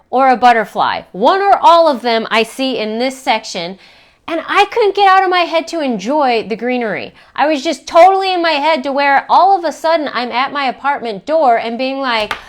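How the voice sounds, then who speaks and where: A woman's voice: high voice, lively intonation, moderate pace. A middle-aged woman coach talking frankly and reflectively about her own struggles, with casual swearing. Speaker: self-help coach. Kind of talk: candid personal vlog talk.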